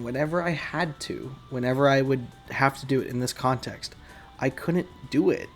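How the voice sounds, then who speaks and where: A game developer talks through his work in a relaxed, rambling way, often poking fun at himself. His voice is a man's at middle pitch with a gravelly edge, unhurried. Faint game music plays under him. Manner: rambling, self-deprecating, laughs often. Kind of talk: casual behind-the-scenes commentary.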